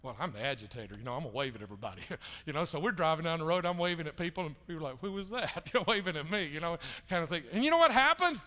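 A man preaching a folksy, animated sermon as pastor, repeating himself and building to loud peaks. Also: fairly high pitch, rapid-fire. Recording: echoey church hall.

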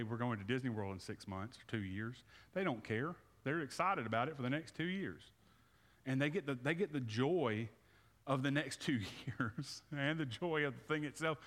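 A pastor in his thirties preaches in a relaxed, conversational way, stumbling over and repeating his words as he builds toward an altar call. His voice sits at an ordinary middle pitch. A long reverb from the church hall trails each phrase. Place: church sanctuary.

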